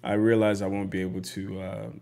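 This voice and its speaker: A man from Nigeria, a podcaster, answering interview questions in a relaxed, measured way with many fillers. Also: lowish voice, vocal fry. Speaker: podcaster guest.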